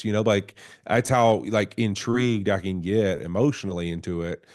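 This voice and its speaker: A deeper-voiced man in his forties sits as a guest on a chatty podcast. He talks casually and loosely, circling his point with "you know" and "like" as he goes. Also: moderate pace, hardly any pauses. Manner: rambling, relaxed, many fillers like "you know" and "like". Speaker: podcast guest, retired athlete. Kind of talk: casual interview chat.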